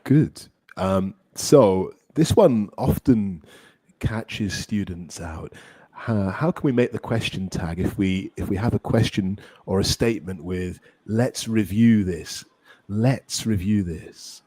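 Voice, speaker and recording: A man co-hosting a podcast English lesson, relaxed and affirming as he explains grammar clearly. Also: sits low, a little slow, no room sound. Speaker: co-host and English teacher.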